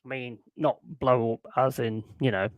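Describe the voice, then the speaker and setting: A man's voice: medium pitch, fairly even intonation, moderate pace, dry recording, dull audio. A man chatting casually to his live stream viewers in a rambling, sweary way, chuckling often. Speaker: football watchalong streamer.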